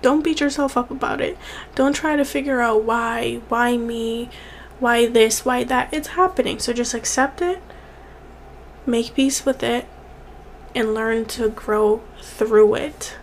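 Young woman, vlogger, earnest and tearful at times, repeats for emphasis, slightly high pitch, faint hiss. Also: takes it slowly. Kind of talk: heartfelt direct-to-camera encouragement.

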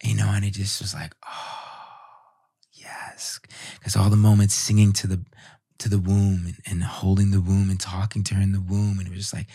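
A man guest on a podcast, telling a personal story in a heartfelt, halting way with many restarts. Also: sits low, monotone, dark tone, slightly rough.

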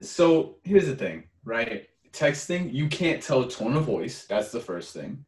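A man's voice: medium pitch, slow pace, recorded from a distance. Young man, podcast co-host, casual chat, laughs a lot, stammers, roomy echo. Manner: animated, laughs often, stammers. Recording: echoey room.

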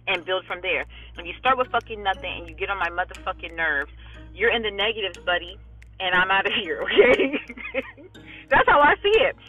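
A woman talking bluntly and profanely in a casual vlog monologue from her parked car, telling animated stories. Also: medium pitch, phone-quality sound. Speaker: vlogger.

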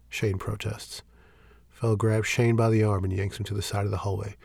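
Man narrating a horror story, husky gravelly voice, dry close sound. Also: fairly low pitch, level tone, normal speed, darkish tone, no echo. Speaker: story reader.

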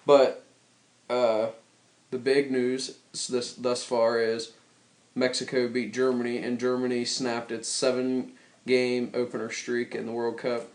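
A young man trades casual, joking talk as a podcast co-host, meandering through his thoughts with stretched-out pauses. His delivery stays fairly flat in pitch. The recording carries a noticeable room echo. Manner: rambling, joking, drawn-out pauses. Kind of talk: casual chat. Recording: echoey room.

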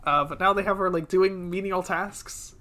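A woman's voice: fairly low pitch, fairly even intonation, moderate pace, a bit bright. A woman co-host trading dry, joking remarks in casual banter.

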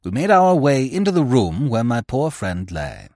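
Brief: theatrical male narrator for classic fiction, mid pitch, lively, dry studio. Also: normal speed, no echo. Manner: expressive, theatrical storytelling. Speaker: audiobook narrator. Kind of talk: scripted dramatic narration.

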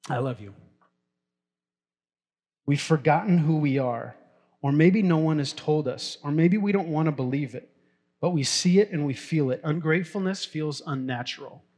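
A middle-aged man, a pastor, preaching a sermon in a casual, story-telling way and laughing now and then. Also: a little high. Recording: long hall reverb.

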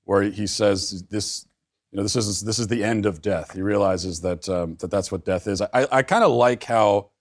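Thoughtful low-voiced man discussing a book. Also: normal speed. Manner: thoughtful, repeats words as he builds his point. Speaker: guest.

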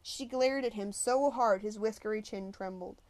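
A woman narrating an audiobook in the first person with an expressive, conversational delivery. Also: medium pitch, moderate pace.

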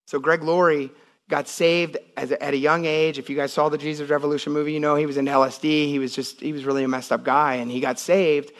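In a church, a male pastor delivers an animated sermon in a voice that's fairly high for a man. He climbs to loud, intense passages and then falls back to soft, quiet lines.

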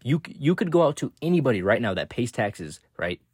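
A man's voice: medium pitch, sing-song, brisk, a little mellow, breathy edge, dry recording, clean studio sound. A young man hosting a solo podcast, talking loosely and rambling, swearing often and checking in with "right?" after every point. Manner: loose, profane, repeats "again" and "right?". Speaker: podcast host. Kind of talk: casual solo podcast talk.

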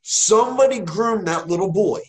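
A man who coaches youth football, telling stories in casual conversation with animated swings in his voice. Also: moderate pace. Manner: animated, jumps in pitch when telling a story. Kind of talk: casual conversation, anecdotal storytelling. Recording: echoey room.

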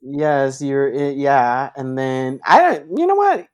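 Man, mid-pitched, podcast host, teasing, swears a lot, casual. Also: sing-song, takes it slowly, darkish tone. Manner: teasing, profane, pushes friend to tell the story. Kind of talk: casual chat.

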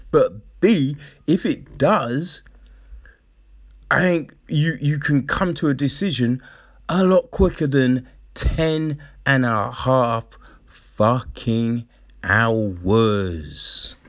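A man giving casual ranting commentary, profane and incredulous, with drawn-out emphasis. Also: medium pitch.

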